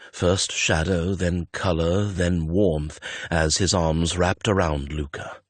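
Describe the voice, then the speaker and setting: A man's voice: low-pitched, husky, dry recording. A man reading a romance audiobook in a tense, dramatic narration on a close studio mic. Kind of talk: scripted narration.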